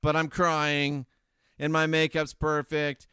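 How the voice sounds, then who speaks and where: A man putting on a high, mock-tearful voice as a rich widow pretending to grieve while gushing about being happy. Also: monotone, slow pace, bright, forceful tone, clean tone, no room sound, clean studio sound. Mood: mock-sad gloating. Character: gloating fake-sobbing rich widow, woman, middle-aged.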